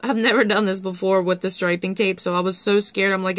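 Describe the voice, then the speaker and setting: A young woman chatting excitedly through a nail art tutorial, full of fillers and self-deprecating asides. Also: medium pitch, fairly quick, hardly any pauses, no room sound. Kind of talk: casual tutorial chat.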